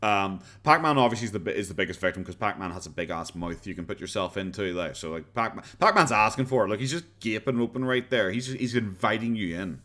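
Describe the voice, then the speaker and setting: Rambling Irish man with a lowish voice. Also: lively intonation, quick pace, hardly any pauses, sharp tone. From Ireland. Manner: rambling, self-interrupting, laughs often. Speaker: streamer. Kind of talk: casual live-stream chat reading viewer comments.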